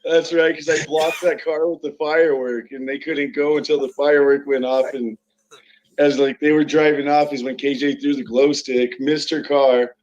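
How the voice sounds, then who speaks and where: A man's voice: a little high, darkish tone, dull audio. A young man telling a rowdy story to his friends, swearing a lot and laughing often. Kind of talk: casual chat.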